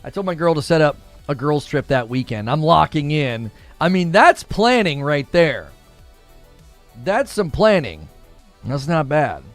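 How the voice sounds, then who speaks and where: A man hosting a casual livestream, chatting about news and reading viewer messages in an animated way, laughing often. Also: on the high side, a little slow, faint music behind. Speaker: livestream host.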